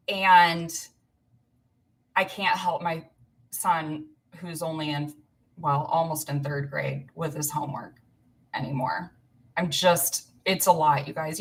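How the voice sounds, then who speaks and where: A woman's voice: fairly low pitch, fairly bright tone. A woman in her thirties, from Illinois, filling in as host of a casual live stream, chatting and rambling to viewers with frequent laughs. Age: 30s. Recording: voice a bit far from the mic.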